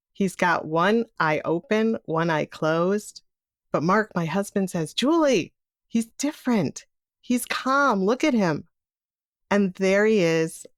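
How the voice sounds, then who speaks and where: Woman, middle-aged, low-pitched, personal storytelling, animated, dry recording. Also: clear, resonant tone, no room sound. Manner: vivid, animated retelling in present tense, acting out quoted voices.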